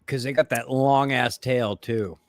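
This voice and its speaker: A man's voice: medium pitch, fairly even intonation, measured pace, no echo, studio quality. A man co-hosting a casual movie-review podcast, with laid-back, crude joking banter. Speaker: podcast co-host.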